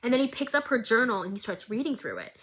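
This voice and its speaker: A woman recapping an animated series in a dramatic, animated storytelling style. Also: on the high side, quick pace. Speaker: recap vlogger.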